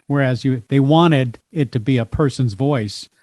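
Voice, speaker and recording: A man hosting an interview, asking measured, curious questions of his guest. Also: mid-range voice, a little mellow, no room sound. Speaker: interviewer host.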